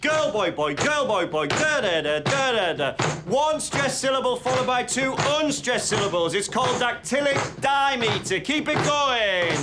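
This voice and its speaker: An actor playing a stressed, harassed male schoolteacher in a television drama, theatrical in class and flat and weary at home. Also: extremely high pitch, moderate pace, hardly any pauses, over loud music. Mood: impassioned. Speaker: teacher.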